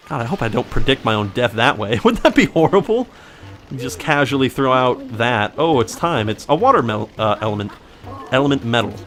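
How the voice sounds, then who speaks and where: Let's-play host: man, mid-pitched, very animated delivery, goofy improvised asides over gameplay. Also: slight background noise. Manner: joking, rambling, makes up silly backstories. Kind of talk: casual gameplay commentary.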